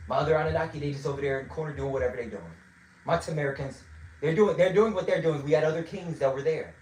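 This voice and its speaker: A man telling a long story in a casual way, swinging between loud bursts and low mutters. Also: fast. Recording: roomy echo.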